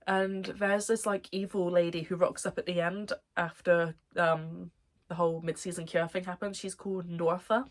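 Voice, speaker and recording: A young woman reviewing an anime series in a casual vlog, gushing and rambling, often laughing as she talks, with a slightly dry throat. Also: mid-range voice.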